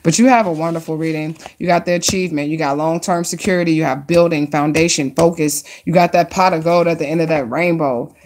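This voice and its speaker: A woman with a lowish voice reads tarot cards for her viewers on a live stream. She is chatty and excitable, slips into casual slang, and stretches words out for emphasis. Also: fairly quick, hardly any pauses. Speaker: tarot card reader hosting a live stream.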